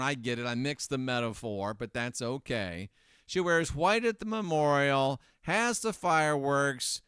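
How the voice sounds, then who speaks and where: A man's voice: on the high side, a bit bright, smooth, no room sound, studio quality. A man hosting a casual commentary monologue, sarcastic and rambling with self-correcting asides. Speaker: host.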